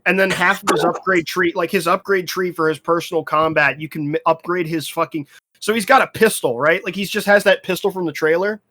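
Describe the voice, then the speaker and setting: Podcast host, man, bright forceful tone, higher voice, swears freely, animated storyteller. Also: brisk. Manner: profane, animated, laughing storyteller. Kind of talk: casual gaming chat.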